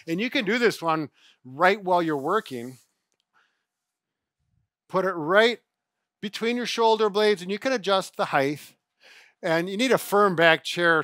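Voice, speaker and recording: A middle-aged man talks through stretches in a loose, chatty way, circling back and correcting himself as he goes. His voice is bright and forceful, sitting a little high, and the recording is dry with no room echo. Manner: chatty, self-correcting, demonstrates exercises. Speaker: physical therapist co-host. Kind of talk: casual instructional chat.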